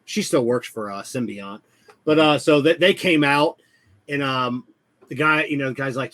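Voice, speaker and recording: A man's voice: mid-range voice, moderate pace, fairly bright tone. A man in casual podcast chat, telling rambling anecdotes and acting out what workers told him. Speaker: podcast co-host.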